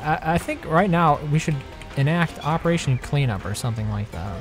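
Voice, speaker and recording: A man's voice: a little high, animated, a little fast. A man streaming a game with friends, chatting casually and joking wryly about the lag. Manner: laid-back, wry about the lag. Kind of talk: casual gaming chat. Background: game music.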